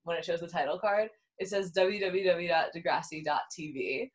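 A woman co-hosting a podcast, recapping a TV episode in casual chat with giggly, animated delivery. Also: lowish voice, normal speed. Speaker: podcast co-host.

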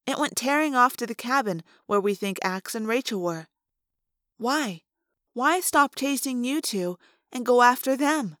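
A woman reading an audiobook, voicing a sharp, thoughtful teenage girl who fires off quick, eager questions. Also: fairly high pitch, dry recording, clean studio sound, pitched above the performer's own voice. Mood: puzzled. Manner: quick questioning bursts, rising in excitement.

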